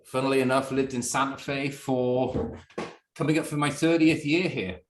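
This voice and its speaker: A distillery founder from Northern England chats casually on a video call from a bedroom at home, rambling and laughing. His medium-pitched voice has fairly even intonation, normal speed, and a Northern English accent, with an echoey room sound.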